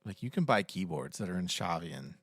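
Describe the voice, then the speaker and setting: Chill podcast guy walking through trivia, lowish voice, super dry mic. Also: sing-song, a little fast, creaky, breathy edge, no echo. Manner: explains facts at length, laid-back. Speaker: podcast co-host. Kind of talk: casual chat.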